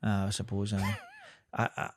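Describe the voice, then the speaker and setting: A man's voice: on the low side, monotone, normal speed, no room sound, studio quality. A young man with a Glasgow Scottish accent, co-hosting a podcast in blunt, sweary, rambling casual chat. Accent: Scottish, Glasgow area. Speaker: podcast co-host.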